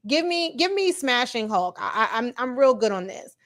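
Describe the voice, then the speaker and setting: A woman hosting a casual livestream from her computer at home, talking straight to her viewers. Her voice sits a little high, and she is chatty and animated and laughs easily. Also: moderate pace. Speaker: livestream host. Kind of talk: casual livestream reaction chat.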